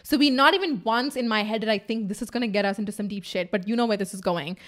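Excitable fast-talking young woman. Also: mid-range voice. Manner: excitable, swears freely, acts out quotes. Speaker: co-host. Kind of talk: casual storytelling chat.

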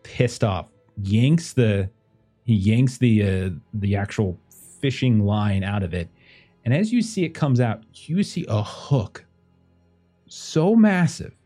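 A man narrating scenes as game master of a tabletop game in a relaxed, descriptive way. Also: medium pitch.

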